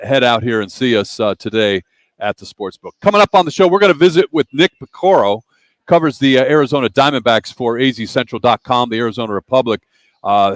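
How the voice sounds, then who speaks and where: A man's voice: medium pitch, dry recording. A man hosting a sports radio show, chatting casually and plugging sponsors between picks, live from a sportsbook bar.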